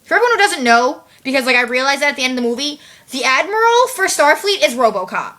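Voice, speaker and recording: Woman vlogger, bright higher voice, slangy casual movie recap. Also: very animated, fast. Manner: chatty, slangy, heavy use of "like", swears.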